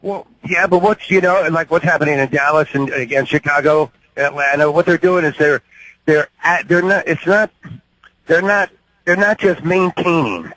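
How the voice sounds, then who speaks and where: Dude calling in all worked up, trips over words, higher voice. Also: male voice, moderate pace, a little hiss or hum, rough recording. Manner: excited, stumbling over words. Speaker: radio caller. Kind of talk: phone-in call.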